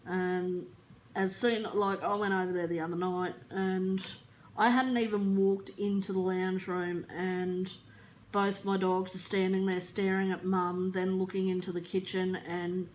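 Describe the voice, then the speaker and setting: A woman with an Australian accent, telling stories in a casual, rambling chat. She is chatty, laughs easily and swears in passing, and she sounds a little flat today. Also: mid-range voice, unhurried, a little hiss or hum, poor audio. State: feeling flat. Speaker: vlogger.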